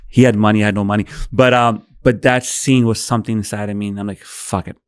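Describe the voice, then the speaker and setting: A man's voice: lowish voice, fairly even intonation, quick pace, smooth, no room sound, studio quality. A man in his thirties, a podcast guest, telling an emotional story, acting out dialogue and swearing freely. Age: 30s.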